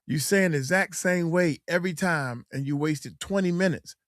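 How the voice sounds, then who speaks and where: A man's voice: on the high side, normal speed, a bit bright, no echo, clean studio sound. A middle-aged man, chatting loosely as a coach and host, often acting out quotes in mocking voices. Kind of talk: casual livestream chat.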